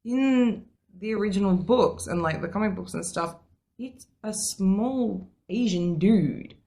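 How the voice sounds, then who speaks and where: A woman's voice: mid-range voice, unhurried, dark tone. A woman co-hosting a casual podcast who gushes, swears freely and often trails off mid-thought. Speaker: podcast co-host.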